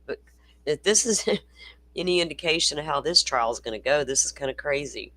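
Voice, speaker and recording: A woman's voice: low voice, a little fast, pushed and bright, no room sound. A woman from Florida with a Southern accent, hosting a casual livestream chat; she swears freely, rambles and laughs often. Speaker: livestream host.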